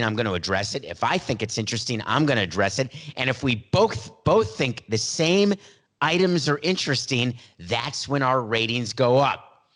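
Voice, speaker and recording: A man's voice: lowish voice, a bit bright. Sarcastic man hosting a sports podcast. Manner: sarcastic, playful asides, theatrical emphasis. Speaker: podcast host. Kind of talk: sports talk monologue.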